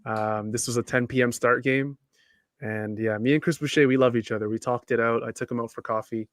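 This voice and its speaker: A man's voice: medium pitch, fairly even intonation, a little fast, no echo. Tired man chatting, dry close sound. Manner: rambling, self-deprecating joking. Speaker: basketball podcast co-host. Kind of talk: casual live-stream chat.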